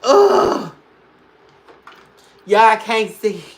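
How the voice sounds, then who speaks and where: A woman's voice: on the low side, normal speed, a bit bright. A woman hosting a casual makeup livestream, chatting with viewers, answering their comments and laughing often.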